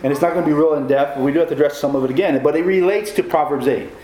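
A man's voice: on the high side, very fast, mellow, echoey room, slight background noise, poor audio. A man preaching a sermon as pastor, putting questions to the congregation.

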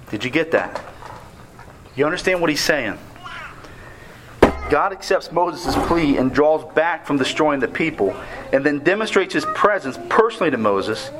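A man preaching a sermon on a scripture passage, earnest and measured, slowing down to stress key words. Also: fairly high pitch, background noise.

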